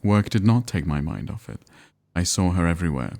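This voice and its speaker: A man's voice: low-pitched, lively intonation, a little fast, darkish tone. A man reading as a grieving, formal mother. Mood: pleading. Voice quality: formal, pleading phrasing.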